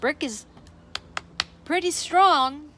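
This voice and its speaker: A woman librarian reading a picture book aloud at children's story time, animated and asking the listeners questions. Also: sits high, drawn-out words, slight background noise.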